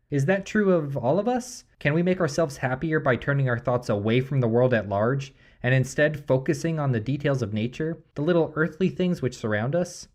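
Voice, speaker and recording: A man hosting a podcast, talking in a playful, joking way before turning reflective. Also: mid-range voice. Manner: playful, jokey, then reflective. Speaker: podcast host. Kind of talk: casual podcast commentary.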